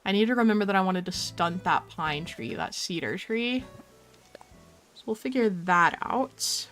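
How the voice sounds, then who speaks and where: A woman's voice: mid-range voice, animated, a little slow, fairly bright tone, faint music behind. A young woman casually chatting on a game stream, playful and talkative, talking to her cat and viewers.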